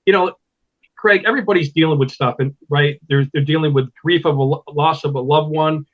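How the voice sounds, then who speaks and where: A man who does stand-up telling stories in a loose, animated way as a guest on a talk show. His voice sits a little high for a man. The recording is somewhat dull and muffled. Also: brisk. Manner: animated storyteller, slips into impressions. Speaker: stand-up comedian, podcast guest. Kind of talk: casual interview chat.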